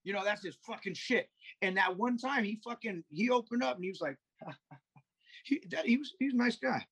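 A man in casual podcast chat, telling animated stories full of swearing and acted-out quotes. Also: sits high, fast, husky. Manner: animated storyteller, swears a lot, acts out quotes.

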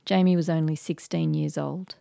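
A woman hosts her podcast with a scripted, measured introduction. Her lowish voice is mellow and gravelly. It is recorded close and dry, with no room sound. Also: fairly even intonation, no room sound. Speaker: podcast host and author.

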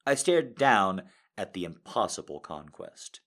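A man reading a romance story aloud in a soft, intimate way, hesitant and full of fillers when he speaks off script. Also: low voice, expressive, a little slow. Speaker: reader of fiction.

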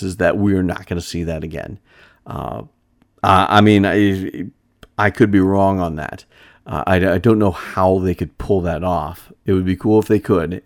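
Very low-voiced rambling male film reviewer. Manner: rambling, halting, many fillers and restarts. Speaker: shop-themed movie reviewer. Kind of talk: casual film review monologue.

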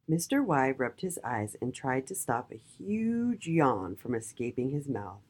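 A woman hosting a children's story read-aloud, reading gently and expressively. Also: low voice, very animated, unhurried, few pauses. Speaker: host.

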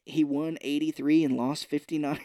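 A man co-hosting a podcast, retelling a film scene by scene in casual chat and slipping into quick voices for the characters. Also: on the high side, little pitch movement, warm tone, dry recording, clean studio sound. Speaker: podcast co-host. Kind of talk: casual movie recap chat. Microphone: podcast microphone.

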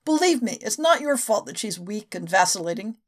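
A woman's voice: mid-range voice, very animated, brisk. A woman reading the lines of a brusque, impatient middle-aged male doctor in a novel excerpt. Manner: blunt, impatient, reassuring.

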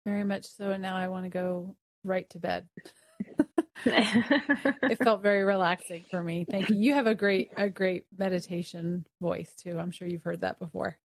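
A woman's voice: fairly low pitch, fairly even intonation, moderate pace, dry recording. Friendly woman podcast host. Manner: friendly and appreciative. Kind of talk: interview chat.

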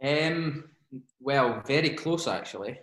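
A man with a Scottish accent telling animated stories as a podcast guest, laughing often and quoting teammates. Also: mid-range voice, slow pace, reverberant, a little hiss or hum. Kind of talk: casual storytelling.

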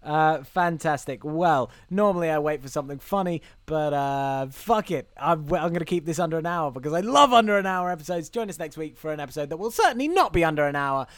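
This is a man hosting a comedy podcast in casual chat. His voice sits a little high and the recording is dry and close. He gets excited, swears freely and laughs through his lines. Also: fairly quick, few pauses, dry recording. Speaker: podcast host.

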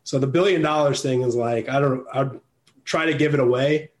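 A young man chatting as a guest, loose and rambling, leaning on "like" and "you know" and breaking into laughs. His voice sits at an ordinary middle pitch. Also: moderate pace. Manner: rambling, filler-heavy, laughs often. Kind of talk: casual interview chat.

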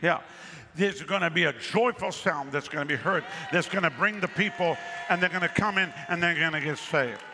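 A male pastor with a fairly high, gravelly, pushed and bright voice preaches at normal speed to a crowd in an outdoor pavilion. He's exclamatory, repeatedly calling out for responses, and the recording has long reverb with faint ambient noise.

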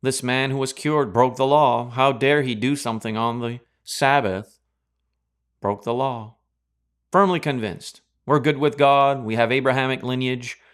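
A man preaching a Bible teaching sermon in a sarcastic, animated way, acting out reactions. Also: mid-range voice, unhurried.

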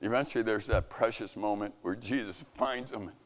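A man giving an earnest devotional message to camp staff, preaching with rising and falling emphasis. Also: a little fast. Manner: earnest, preaching, rises and falls in pitch. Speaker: camp leader.

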